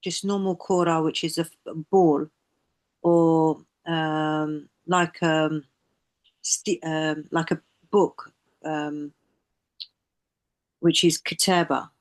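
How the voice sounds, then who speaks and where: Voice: medium pitch, flat delivery, slow pace, pauses often. A student asking questions during a language lesson, hesitant and searching for words. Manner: hesitant, many fillers and restarts.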